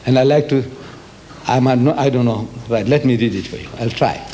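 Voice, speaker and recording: An older man from South Africa giving a religious lecture to an audience, animated and rhetorical, often putting questions to the listeners. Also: mid-range voice, a little fast, slight background noise. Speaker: Islamic lecturer.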